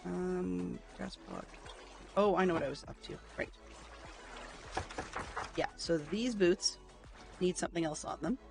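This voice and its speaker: A man's voice: high-pitched, creaky. A man streaming a video game live, chatting casually and thinking aloud with lots of ums and dry, self-mocking humor. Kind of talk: casual gameplay commentary.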